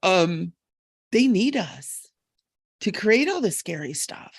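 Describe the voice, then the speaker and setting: Woman, psychic medium, live-stream chatter, gravelly, earnest, emphatic, dry webcam sound. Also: mid-range voice, big pitch swings, takes it slowly, no echo.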